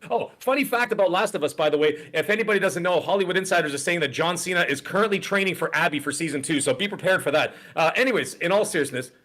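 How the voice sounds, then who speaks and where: With a high, sharp voice, the middle-aged podcast co-host races along with hardly a pause. He rambles through stories in casual chat on a desk podcast mic, imitating the voices of the people he quotes.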